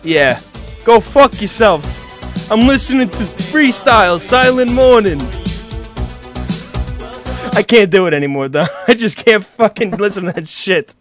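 A man's voice: high voice, lively intonation, unhurried, long pauses, a bit bright, soft background music. A man putting on a crude, boastful young New bro with a sing-song, swearing delivery on a radio show. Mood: rowdy.

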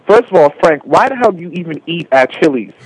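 A man voicing a swaggering, slangy male caller on a comedy radio show, with a breathy, sleepy-sounding drawl. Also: a little high, very animated, fast, slight background noise, poor audio. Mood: indignant. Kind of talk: comedy radio call-in bit.

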